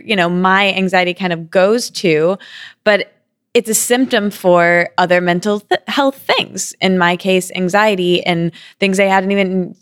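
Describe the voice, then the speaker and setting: A woman's voice: mid-range voice, clear, resonant tone. A woman in her thirties telling a personal story in a candid, chatty way, full of "like" fillers. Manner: quick, chatty, frequent "like" fillers. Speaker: podcast guest.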